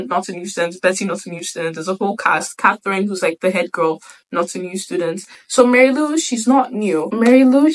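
A woman's voice: medium pitch, low-quality recording. A woman book vlogger chatting casually as she retells a story, with many fillers. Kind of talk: casual book review chat.

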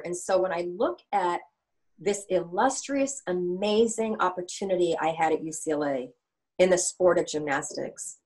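A woman's voice: lowish voice, rough recording. A woman in her sixties, a gymnastics coach and author, telling anecdotes in an interview and acting out the dialogue. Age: 60s. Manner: animated, anecdotal, acts out dialogue. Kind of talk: storytelling interview answer.

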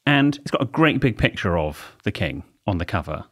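A man's voice: on the low side, sing-song, normal speed, fairly bright tone. A man co-hosting a comedy podcast, telling wry, rambling anecdotes in casual chat. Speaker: podcast co-host.

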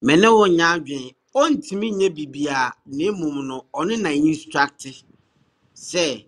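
A man's voice: fairly high pitch, animated, measured pace, a bit bright. A man co-hosting a casual video talk, answering questions at length. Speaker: co-host. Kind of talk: casual chat.

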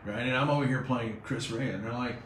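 Man, radio host, animated storyteller, roomy studio, faint hiss. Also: mid-range voice, quick pace. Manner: animated storyteller, acts out quoted voices.

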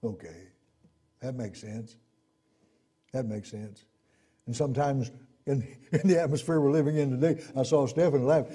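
A man preaching a sermon, swinging between loud emphatic points and low asides, acting out the people he quotes. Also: normal speed, long pauses, slightly rough.

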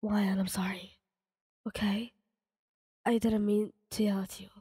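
Girl doing a gentle sorry hero boy, whispered role-play, mellow low-key whisper, bit of long reverb. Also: little pitch movement, measured pace, husky. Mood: remorseful. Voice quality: soft whisper. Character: calm teen boy hero, remorseful and gentle.

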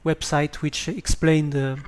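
Slow, hesitant man with a French accent. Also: fairly high pitch, level tone, clear, resonant tone. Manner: hesitant, many ums and restarts. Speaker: tutorial presenter. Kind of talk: hesitant spoken tutorial. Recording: basic standard microphone.

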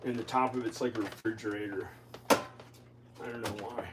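A man rambling in a casual vlog in his home kitchen, halting and repeating himself. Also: on the low side, steady tone, heavy background noise. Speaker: vlogger.

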